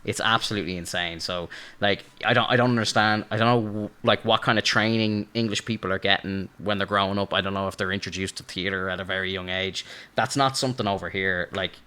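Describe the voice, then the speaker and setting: A young man hosting a podcast, telling stories in a rambling, excitable way with lots of filler. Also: sits low, a little fast, clear, resonant tone. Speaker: podcast host. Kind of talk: casual chat.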